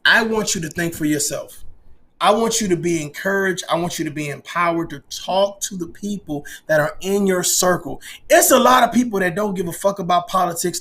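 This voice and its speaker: Brief: forties male podcast host, fired-up profane monologue, higher register. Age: 40s. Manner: emphatic, profane, animated rant. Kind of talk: casual monologue.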